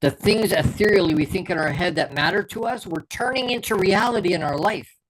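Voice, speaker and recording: A man's voice: high voice, a little fast, fairly bright tone, a little hiss or hum, low-quality recording. Fervent man repeating words for emphasis. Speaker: podcast host and performance coach. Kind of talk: impassioned motivational talk.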